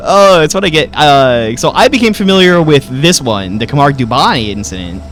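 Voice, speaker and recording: A man's voice: on the high side, big pitch swings, normal speed, a bit bright, soft background music. A man giving casual, joking let's-play commentary, thinking aloud as he goes. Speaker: gaming host.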